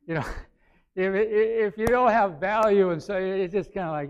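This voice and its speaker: A male pastor preaching a sermon, animated, swinging between quiet asides and loud bursts. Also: high voice, measured pace, clean tone. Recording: slightly dull, lo-fi sound.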